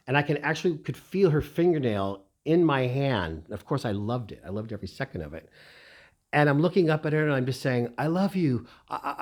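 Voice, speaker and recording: A middle-aged man telling a personal story in a lively, heartfelt way. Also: medium pitch. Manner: animated, emotional, lively retelling.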